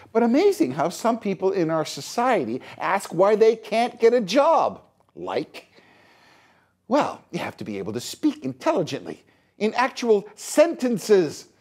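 A man's voice: sits high, darkish tone. A middle-aged man from Canada hosting a podcast, delivering a scolding, exasperated opinion monologue. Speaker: podcast host.

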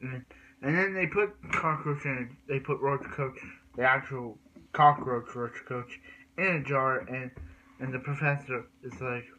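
A man's voice: medium pitch, measured pace, pushed and bright, lo-fi sound, slight background noise. A man recapping cartoon episodes in a rambling way, with many restarts and repeated words. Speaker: cartoon reviewer.

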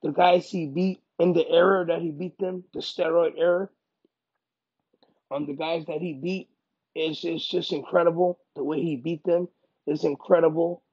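A man, a professional fighter, speaking in a casual interview, emphatic and animated, often repeating himself for emphasis. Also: on the high side, moderate pace, breathy edge, highs cut off. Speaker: MMA fighter.

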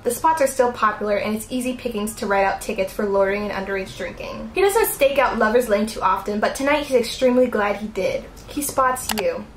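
A young woman reading fan fiction aloud on her video channel, breaking off for giggly, mock-outraged comments. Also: a little high. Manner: giggly, mock-outraged asides between read passages. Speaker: YouTuber. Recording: roomy echo, faint background noise.

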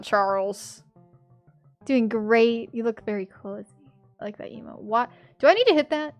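A woman streaming a platform game, chatting with her viewers, laughing a lot and yelling loudly when she fails. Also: fairly high pitch, animated, moderate pace, faint music behind. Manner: chatty, laughs often, bursts into loud yells at failures. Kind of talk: casual live-stream commentary.

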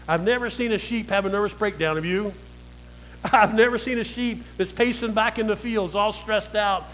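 A man's voice: sits high, a little hiss or hum, low-quality recording. A male pastor preaching a sermon, calling out to the church and asking them for an amen. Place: church sanctuary.

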